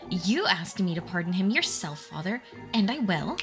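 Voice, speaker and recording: A woman's voice: fairly low pitch, very animated, moderate pace, soft background music. Woman playing a defiant young maid. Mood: indignant. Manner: indignant and proud. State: hoarse.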